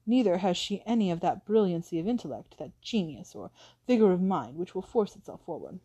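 A woman reading the lines of a smooth, scheming aristocratic widow in an audiobook, with a suave, persuasive manner. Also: fairly low pitch, expressive, fairly quick, dark tone.

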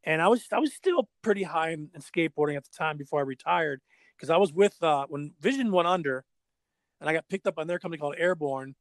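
A middle-aged man, a former pro skateboarder, telling stories in casual chat, animated and repeating words as he goes. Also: fairly high pitch, fast, no echo. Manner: animated, acts out quoted dialogue, repeats words.

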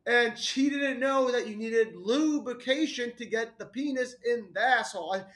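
A man's voice: very high-pitched, a bit bright. A young man co-hosting a podcast, telling crude stories in rambling casual chat, stumbling over restarts. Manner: rambling, halting restarts, laughs at own jokes. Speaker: podcast co-host.

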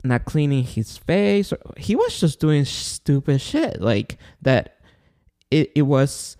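A man's voice: fairly high pitch, big pitch swings, slow pace, mellow. A man co-hosting a podcast, talking bluntly about discipline and swearing freely. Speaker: podcast co-host. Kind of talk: casual podcast chat.

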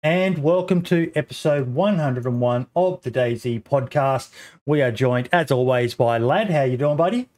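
A man's voice: medium pitch, moderate pace, darkish tone. An Australian man hosting a casual podcast, talking bluntly with plenty of swearing and ums. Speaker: podcast host.

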